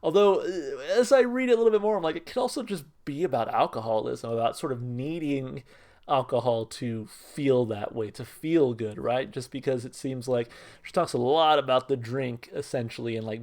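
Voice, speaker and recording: A man's voice: medium pitch, normal speed, creaky. A man hosting a music reaction video, talking casually with lots of fillers, hedges and restarts. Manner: self-described untrained fan, relaxed and unpolished. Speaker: music reaction channel host.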